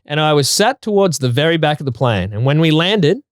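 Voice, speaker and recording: A man co-hosting a casual chat show, retelling a listener's story in an animated way. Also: on the high side, a little fast, dry recording, studio quality. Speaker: co-host.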